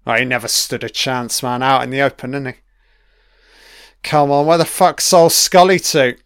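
A man gives a casual commentary on a TV episode in a medium-pitched, steady voice that is fairly bright, clear, and resonant, at a moderate pace. He's chatty, swears freely, and laughs along as he watches, recorded in clean studio sound with no room echo.

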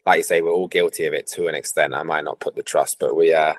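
A man's voice: extremely low pitch, fairly even intonation, fast, dry recording. A man as a podcast guest, easygoing and laughing often in casual chat.

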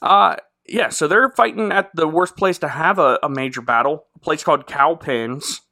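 Sarcastic man with a bright, high voice. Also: moderate pace, creaky. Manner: sarcastic, rambling, full of fillers and sound effects. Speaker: podcast host. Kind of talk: casual comedic movie recap.

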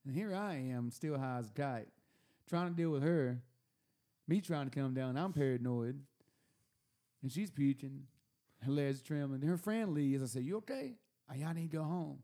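A man telling a long story at a table in casual chat, animated and laughing often, repeating words as he goes. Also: medium pitch, moderate pace. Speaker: podcast host telling a story. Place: room at a table.

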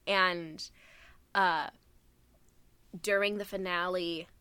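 A woman co-host from Wisconsin speaks slowly and with feeling, gushing about music she loves. Her voice sits a little low and is recorded dry and close, with no room sound. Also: fairly even intonation, bright, forceful tone, clear, resonant tone, no echo. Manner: earnest and gushing, long story-telling runs. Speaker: podcast co-host. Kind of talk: casual chat about a musical.

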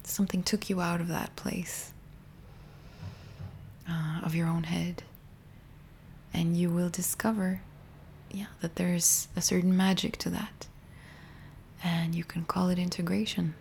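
Soft-spoken woman, half-whispered, gravelly. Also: fairly low pitch, little pitch movement, a little slow, pauses often, a little hiss or hum. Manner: gentle, intimate, rambling with many restarts. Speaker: spiritual healing teacher. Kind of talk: soft, partly whispered reflective talk to viewers.

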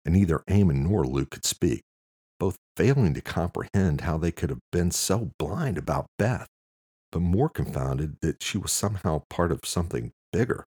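A man reading a thriller audiobook in an expressive narration style. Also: rumbling low, husky, no room sound, clean studio sound. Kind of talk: scripted narration.

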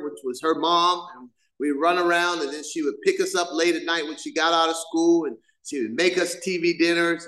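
Middle-aged man, high voice, animated storyteller, recovery meeting share, roomy echoey hall sound. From Southern California. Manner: animated storyteller, acts out scenes with sound effects. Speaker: main speaker at a recovery meeting. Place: meeting room.

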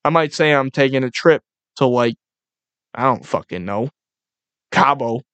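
A young man hosting a casual solo podcast, ranting in a profane, excitable, rambling way. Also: medium pitch, unhurried, dry recording. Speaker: podcast host.

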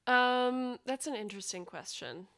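Casual woman player, a touch high-voiced, dry close recording. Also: lively intonation, measured pace, sharp tone, dry recording. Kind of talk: tabletop role-play chat.

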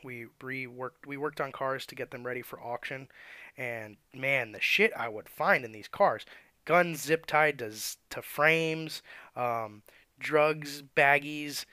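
A man's voice: mid-range voice, bright, forceful tone, clean tone, dry recording. A man who works as an auto mechanic, telling shop stories in a blunt, profane, ranting way. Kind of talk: casual storytelling rant.

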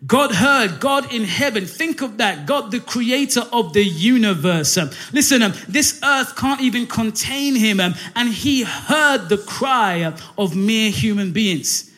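A man preaching a sermon, animated, often saying "listen" and "um" between phrases. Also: sits high, a little slow.

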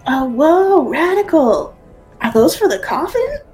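A woman's voice: fairly high pitch, normal speed, soft background music, natural voice, low-quality recording. A woman voicing a bubbly young woman with a put-on Southern accent, chirpy and full of exclamations.

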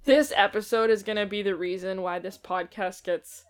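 A young woman co-hosting a horror podcast, chatting casually and joking with quick asides. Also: medium pitch, steady tone. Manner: joking, swearing, fast asides. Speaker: podcast co-host. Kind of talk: casual chat over a horror film.

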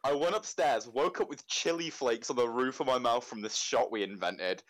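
A young man co-hosting a casual podcast chat, swearing freely and telling lively stories. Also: medium pitch, normal speed, low-quality recording. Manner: swears freely, animated storytelling. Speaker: podcast co-host.

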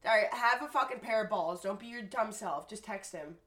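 A woman's voice: medium pitch, a little fast, a bit bright. A young woman co-hosting a podcast in casual chat, pushy and insistent, swearing a lot. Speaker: podcast co-host.

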